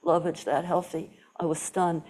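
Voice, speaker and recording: A woman's voice: fairly low pitch, little pitch movement, normal speed, a little mellow. An older woman giving a storytelling Zen talk to a live audience, acting out quoted voices and dropping to whispers.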